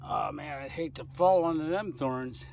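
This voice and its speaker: A man's voice: fairly high pitch, wildly swooping pitch, moderate pace, gravelly, a little mellow, a little hiss or hum. Chatty man vlogging on a desert hike. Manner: chatty, laughs often, talks to camera. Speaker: travel vlogger. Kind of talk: casual vlog commentary while hiking. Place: outdoors in desert hills.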